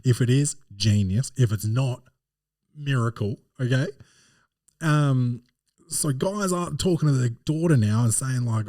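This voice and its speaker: A man's voice: mid-range voice, a little slow, mellow, no room sound, studio quality. A man with an Australian accent, hosting a podcast and telling a rambling, slangy, digressive story as comedic review. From Adelaide, Australia. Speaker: podcast host.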